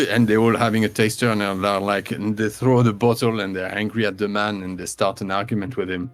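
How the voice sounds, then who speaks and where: A man narrating as game master, halting and full of fillers. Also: on the low side, flat delivery, soft background music.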